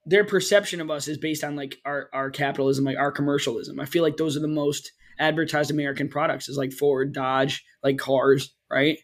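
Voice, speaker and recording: A man's voice: on the high side, level tone, a little fast, hardly any pauses. A young man hosting a casual podcast, steering segments with jokey banter. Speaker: podcast host. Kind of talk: casual chat.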